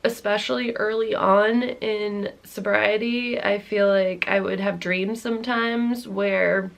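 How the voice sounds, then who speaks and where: A woman's voice: medium pitch, steady tone, takes it slowly, vocal fry. A woman in her thirties telling a personal story to camera in a rambling, candid way, full of "like"s, swearing and nervous laughs. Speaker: vlogger.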